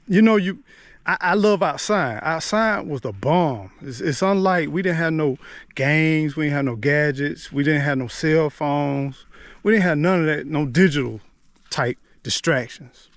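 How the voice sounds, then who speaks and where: A man's voice: a little high, dry recording. Earnest man telling a story. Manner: Southern US informal speech, repetitive and earnest. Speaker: speaker sharing life lessons. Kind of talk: personal storytelling monologue.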